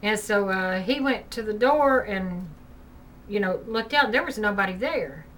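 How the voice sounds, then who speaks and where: A woman's voice: mid-range voice, lively intonation, a little slow, fairly bright tone. A woman vlogger at home, chatting loosely through a ghost story and filling her talk with "you know". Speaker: vlogger telling ghost stories. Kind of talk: casual spoken storytelling. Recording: distant mic, faint background hiss.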